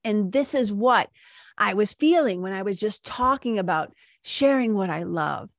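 Lively New woman hosting a podcast. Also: mid-range voice, normal speed, gravelly, dry recording, studio quality. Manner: enthusiastic and animated, with many "like" and "right?" asides. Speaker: podcast host. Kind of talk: casual monologue, retelling a coaching session.

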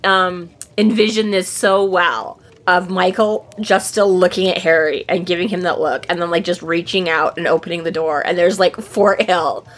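A woman podcast host with a fairly low voice and fairly even intonation talks at normal speed with few pauses in a casual book discussion. She swears freely, acts out characters' lines, and rambles with lots of fillers and restarts.

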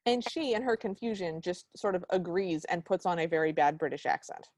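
A woman's voice: on the low side, brisk, darkish tone, no echo. Sarcastic woman podcaster, dry close sound. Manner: sarcastic, exasperated ranting. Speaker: podcast co-host. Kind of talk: casual chat recapping a film.

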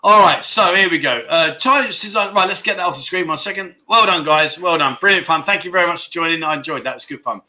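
Very bright-voiced man bantering. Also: on the high side, fast talker, hardly any pauses. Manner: jokey, banter-heavy, chatty with fillers. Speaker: livestream host. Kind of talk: casual livestream chat reading viewer comments.

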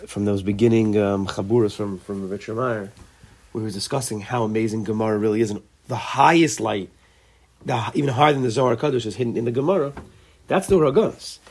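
Husky man teaching a casual study class. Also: lowish voice, a little fast, a little mellow. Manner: thinking aloud, restarts and repeats words; mixes Hebrew and Yiddish terms into English. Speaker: teacher leading a study group. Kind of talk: informal Torah class.

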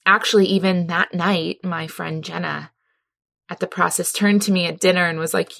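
A woman's voice: fairly low pitch, steady tone, normal speed, gravelly, a bit bright, no room sound. A woman talking earnestly and heartfelt about a personal experience, laughing easily as she tells it. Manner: earnest, heartfelt, laughs often while telling. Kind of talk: personal reflective talk.

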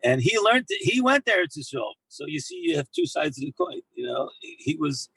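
A rabbi and yeshiva head spins an animated story for his former students, his voice gravelly and husky with a slightly raised pitch. He repeats phrases and restarts often, dropping in Hebrew and Yiddish words. The sound is dry and close. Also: normal speed, no room sound, rough recording. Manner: animated anecdotal telling, sprinkled with Hebrew and Yiddish terms.

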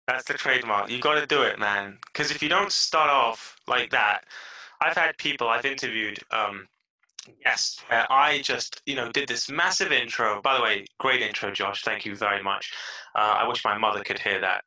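A man with a British accent, a podcast guest in a casual interview, telling stories with lively energy and playful voices. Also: medium pitch, normal speed, low-quality recording. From England.

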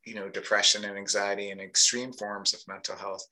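A man's voice: on the low side, level tone, a little fast, pushed and bright, poor audio. A man co-hosting a live discussion, talking earnestly and thoughtfully about masculinity, with many fillers. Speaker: podcast co-host. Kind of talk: reflective casual discussion.

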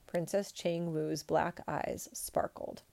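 A woman reading a picture book aloud in a measured, expressive storytelling manner. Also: sits low, vocal fry.

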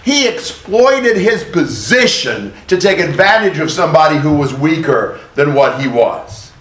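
Slow, emphatic man teaching Bible class. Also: on the high side, very animated, a bit bright, reverberant. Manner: thoughtful, emphatic, exclaims for effect.

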